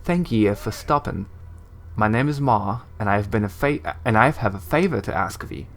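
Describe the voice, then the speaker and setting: A man's voice: on the low side, expressive, normal speed. A man voicing a grimy, shifty male beggar who talks with an old-timey rustic brogue, saying "ye" and "me". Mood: pleading.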